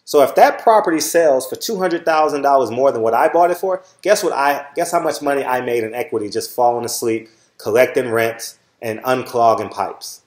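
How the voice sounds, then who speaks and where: A man's voice: mid-range voice, moderate pace, few pauses, reverberant. A middle-aged man with a Southern Californian accent, hosting his own channel and lecturing his viewers bluntly, swearing freely and asking "all right?" again and again. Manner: repeats "all right?" often. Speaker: channel host. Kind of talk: casual monologue to viewers.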